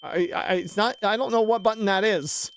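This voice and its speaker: High-voiced man streaming a game. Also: normal speed, a little hiss or hum. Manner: chatty, joking, exclaims at the game. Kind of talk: casual gameplay commentary and reading game dialogue aloud.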